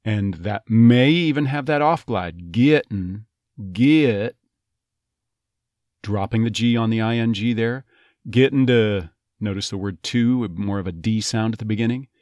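Male coach, low voice, demonstrates sounds slowly, dry close recording. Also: a little mellow, dry recording. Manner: breaks words into sounds, models them slowly. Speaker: accent coach. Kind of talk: phonetics lesson.

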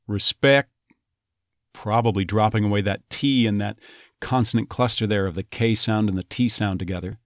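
A man coaching an accent, explaining vowel and consonant changes in a slow, deliberate way. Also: fairly low pitch, dry recording, clean studio sound. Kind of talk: dialect lesson.

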